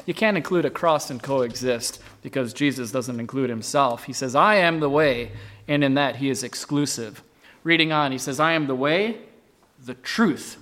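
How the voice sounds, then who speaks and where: A man preaching a sermon, emphatic, swinging between loud bursts and hushed asides. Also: medium pitch, animated, moderate pace.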